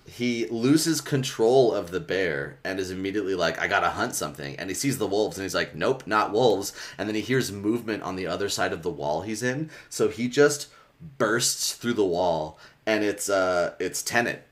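A man with a somewhat low voice talks through a book's plot in a loose, chatty podcast style. He rambles, fills gaps with fillers, and swears freely as he goes. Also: lively intonation, normal speed. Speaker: podcast host recapping a book. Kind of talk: casual chat.

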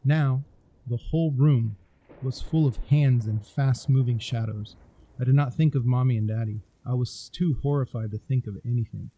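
A man narrating a scary story in a deliberate, storytelling manner. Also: mid-range voice, warm tone, breathy edge, low-quality recording.

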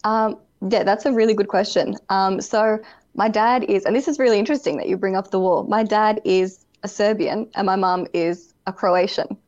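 A woman's voice: mid-range voice, steady tone, normal speed, darkish tone, muffled recording. A young woman, a pageant contestant, chatting as a guest in a live interview over a video call. She is bubbly, giggles often, and says "like" a lot. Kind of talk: casual interview chat.

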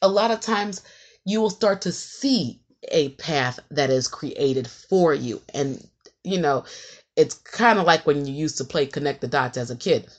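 A woman's voice: low-pitched, expressive, unhurried. A young adult woman talking casually and candidly to her viewers, with frequent ums and some swearing. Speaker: meditation vlogger. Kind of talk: casual talk to camera.

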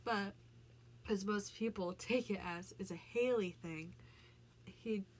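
A woman vlogger with a medium-pitched voice talks slowly and casually, explaining what song lyrics mean. She's chatty, leaning on frequent "like" fillers and restarting her sentences.

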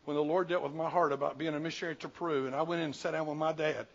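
A man in his sixties from the Southern United States, a pastor preaching a sermon, swinging from loud bursts to hushed, slow asides. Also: a little high, steady tone, gravelly. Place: church sanctuary. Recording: dull lo-fi church recording.

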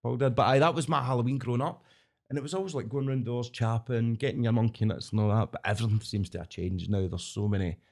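A man's voice: medium pitch, quick pace, vocal fry. A Scottish man telling stories in a casual podcast chat, acting out voices and laughing often. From Scotland. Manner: lively storyteller, acts out voices, laughs often. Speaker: podcast guest, entertainer.

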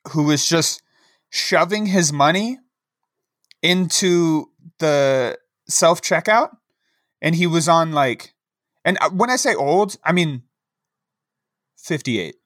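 A man's voice: fairly high pitch, expressive, slow pace, long pauses, a bit bright, no echo, clean studio sound. A man co-hosting a podcast, telling a rambling story in casual chat with lots of fillers and a wry tone. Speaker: podcast co-host.

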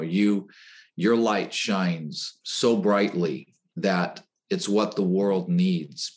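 A middle-aged man, a coach and podcast guest, giving an earnest motivational talk with repeated phrases. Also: low voice. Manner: earnest, preaching, repetitive phrasing.

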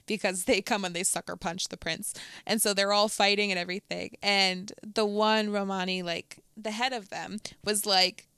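A woman's voice: mid-range voice, creaky, a bit bright, clean tone, no echo, clean studio sound. A young woman co-hosting a podcast, chatting casually and laughing, with lots of "like" and "um". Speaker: podcast co-host. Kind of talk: casual chat.

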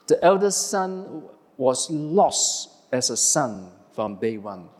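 A man's voice: medium pitch, slow, hardly any pauses, big-room sound. A man preaching a sermon, firing questions at the congregation and answering them himself. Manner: animated, asks the audience questions and answers them.

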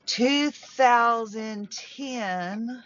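A woman's voice: on the high side, very slow, highs cut off, slight background noise. A woman in her fifties hosting a podcast, rambling through personal stories from a parked car, emotional and often interrupting herself. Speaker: podcast host.

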